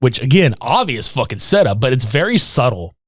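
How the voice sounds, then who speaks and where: A man's voice: mid-range voice, a little fast, no echo, clean studio sound. A man co-hosting a podcast, recapping a film in casual chat, full of swearing and acted-out quotes. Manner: animated storytelling, heavy swearing, acts out quotes. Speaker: podcast co-host.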